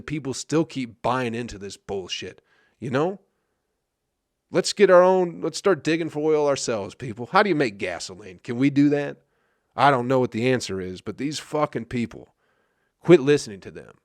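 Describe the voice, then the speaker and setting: A man's voice: mid-range voice, no echo, clean studio sound. Profane ranting male podcast host. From Flint, Michigan. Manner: swears constantly, asks "you know what I mean, people?".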